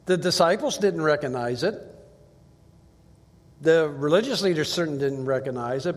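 A man gives a Bible teaching in an easy, conversational way. He reads passages aloud and keeps asking his listeners rhetorical questions. His voice sits a little high, and it carries a long reverb as if he is speaking in a large hall.

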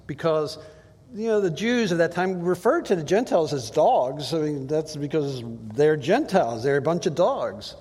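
In what sounds like a large hall with long reverb, a man delivers an easygoing Bible teaching at a moderate pace. His husky voice sits a little high with a darkish tone, and he's animated as he reads passages and keeps asking listeners rhetorical questions.

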